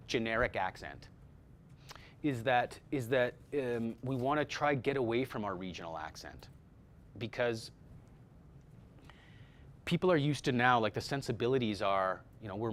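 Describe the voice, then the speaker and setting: A man teaching a voice-over workshop to a group, talking energetically with many fillers and repeated words. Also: medium pitch. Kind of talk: casual workshop talk.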